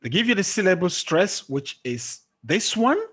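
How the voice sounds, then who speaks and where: Man, teacher, patient, quizzes students, slightly high voice. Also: sing-song, normal speed, breathy edge. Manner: patient, checks understanding with frequent "okay?" and quiz questions. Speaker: English teacher. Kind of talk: online classroom lesson. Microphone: screen-sharing call or recording.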